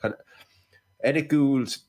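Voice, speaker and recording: A man's voice: medium pitch, fairly even intonation, unhurried, a little mellow. A man, co-hosting a podcast, ranting and swearing in casual film chat. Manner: profane, ranting. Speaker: podcast co-host.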